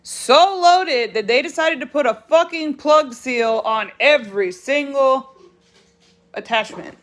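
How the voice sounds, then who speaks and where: A woman's voice: high-pitched, slow. A woman truck driver telling a story in a casual vlog, blunt and profane, ranting animatedly about her job.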